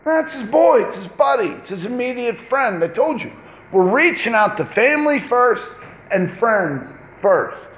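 A man preaching a lively, conversational sermon, acting out short exchanges between people as he goes. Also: extremely high pitch, measured pace, roomy sound. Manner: animated, conversational, acts out little dialogues. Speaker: pastor.

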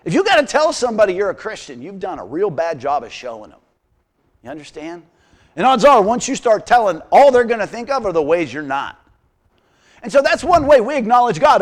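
A middle-aged man preaching a sermon as pastor, animated and humorous, acting out quotes as he tells stories. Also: high-pitched, normal speed, pauses often.

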